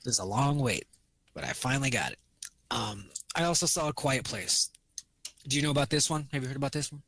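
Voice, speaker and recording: A man's voice: mid-range voice, brisk, gravelly, fairly bright tone, breathy edge, no echo. A man co-hosting a podcast, chatting casually and profanely about movies, rambling with many fillers and acting out quotes. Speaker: podcast co-host.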